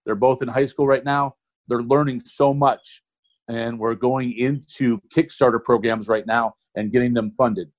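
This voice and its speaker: A man's voice: mid-range voice, fairly even intonation, normal speed. Rambling middle-aged man, friendly guest. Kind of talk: casual interview talk.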